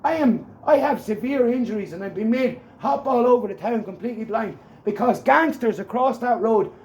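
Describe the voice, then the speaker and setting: A man's voice: very high-pitched, expressive, moderate pace, darkish tone, echoey room, slight background noise, low-quality recording. A man with an Irish accent, making an agitated, insistent complaint and repeating his demands. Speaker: complainant at a police station. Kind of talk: heated confrontation, filmed.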